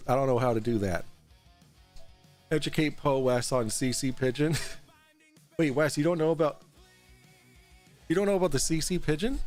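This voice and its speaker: A man's voice: mid-range voice, darkish tone. A man hosting a casual livestream talk show, rambling and swearing as he reads and answers chat while drinking on air.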